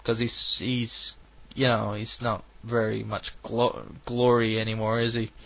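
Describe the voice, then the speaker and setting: Slow, bright-voiced radio host. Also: male voice, on the low side, level tone, creaky, dry recording, highs cut off. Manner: rambling, self-correcting, chatty. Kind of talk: casual radio sign-off chat.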